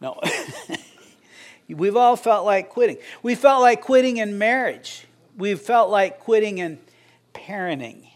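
A man's voice: sits high, expressive, slow. A middle-aged man preaching a sermon as pastor, conversational and joking with the congregation.

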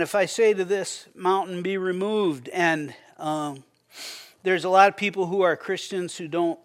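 A man preaching a sermon in a conversational way, often repeating words as he starts a sentence and acting out quoted prayers. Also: sits high. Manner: acts out quoted prayers with a raised voice. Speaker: pastor.

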